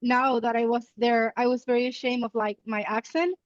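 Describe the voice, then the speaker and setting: A woman with a Spanish accent telling an anecdote in an animated way on a video call. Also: on the high side, normal speed, no echo, lo-fi sound. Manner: animated storyteller, quotes others with "she was like".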